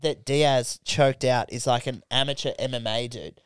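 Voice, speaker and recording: A man's voice: mid-range voice, normal speed, clear, resonant tone, no echo, studio quality. Brash swearing man telling a story. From England. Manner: swears freely, acts out anecdotes in silly voices. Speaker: podcast co-host. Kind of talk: casual banter.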